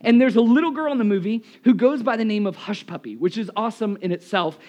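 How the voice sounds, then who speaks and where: A man with a high voice preaches to his congregation. He is losing his voice and sounds hoarse. He tells lively, self-mocking stories into a live microphone in a church. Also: fast talker. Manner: animated, self-deprecating storyteller. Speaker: pastor. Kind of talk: live sermon with storytelling.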